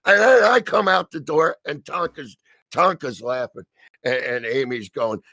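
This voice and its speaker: A man telling a story in casual chat, swearing freely and loudly acting out the lines of the people in it. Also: on the high side, measured pace, no room sound. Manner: profane, animated storyteller acting out quotes loudly.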